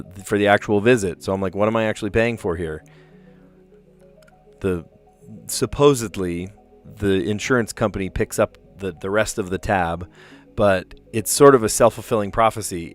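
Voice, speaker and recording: Chatty American man, lowish voice. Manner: rambling, chatty, tags "right?". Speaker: puzzle livestream host. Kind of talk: casual chat while solving puzzles.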